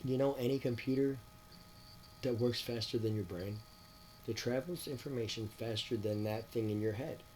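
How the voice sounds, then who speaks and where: A man's voice: mid-range voice, normal speed, a little hiss or hum. Man rambling through a preachy monologue. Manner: rambling and preachy, swinging between loud outbursts and quiet mutters; addresses listeners with rhetorical questions. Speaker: spiritual vlogger. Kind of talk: casual spoken monologue to viewers.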